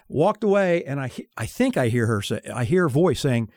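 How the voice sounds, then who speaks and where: A man's voice: mid-range voice, sing-song, brisk, hardly any pauses, a little mellow, no room sound, studio quality. A man hosting a radio show, telling a personal story in casual chat and acting out the dialogue.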